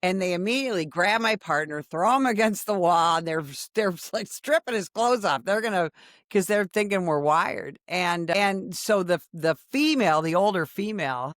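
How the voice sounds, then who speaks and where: Ex cop lady in her 60s telling war stories, lively and dramatic, dry close mic. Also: lowish voice, normal speed, dry recording. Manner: animated, dramatic retelling with quoted voices. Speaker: former undercover police officer. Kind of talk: storytelling in a podcast conversation.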